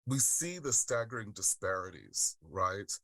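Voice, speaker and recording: A middle-aged man from the Deep South, speaking on a webinar panel and sharing his personal story in an earnest, heartfelt way. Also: very animated, unhurried, pushed and bright, dry recording. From Deep South of the United States. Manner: earnest, heartfelt, with frequent "um" and "right?". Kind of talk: personal testimony and presentation. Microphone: video call.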